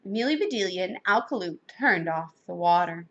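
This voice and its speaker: A woman's voice: on the low side, lively intonation, a little fast, a bit bright, dull audio. A woman reading a children's storybook aloud expressively. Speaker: reader.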